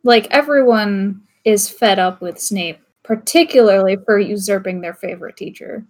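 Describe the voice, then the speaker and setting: A woman co-hosting a casual book discussion podcast, adding wry, quick quips. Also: medium pitch, darkish tone. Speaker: podcast co-host.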